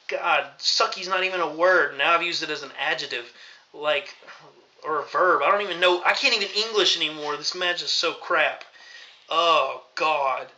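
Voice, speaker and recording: A man with a fairly high, pushed, bright voice recaps a wrestling show in a vlog. His recap is an exasperated, rambling rant full of fillers, captured on a dull lo-fi recording.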